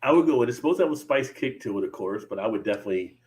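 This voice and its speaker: A man from New Jersey hosts a relaxed live stream about beer. He talks in an easygoing, joking way at an ordinary, mid-range pitch and moves loosely from banter to reading out news. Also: racing, slight background noise, poor audio. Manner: laid-back, joking, reads beer news aloud. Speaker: beer show host. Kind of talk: casual live-stream chat.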